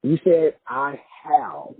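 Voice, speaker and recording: A Texas man, speaking as a motivational speaker, delivers a profane, emphatic monologue and repeats phrases for effect. His voice is on the high side, slightly rough, with big pitch swings and a slow pace. The audio sounds tinny, like a phone.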